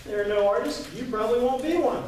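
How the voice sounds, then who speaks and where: A man's voice: very high-pitched, fast, darkish tone, slight background noise, pitched above the performer's own voice. A man voicing his third-grade friend, a blunt and dismissive young boy, during a live storytelling talk. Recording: echoey room, mic far off.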